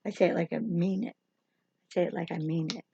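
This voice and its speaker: A woman hosts a casual livestream makeup tutorial, joking and teasing herself as she talks. Her voice is husky and gravelly, recorded dry and close with a slightly dull, lo-fi sound. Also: on the low side, steady tone, moderate pace, warm tone, no room sound. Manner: rambling, joking, self-teasing. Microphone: camera or phone livestream.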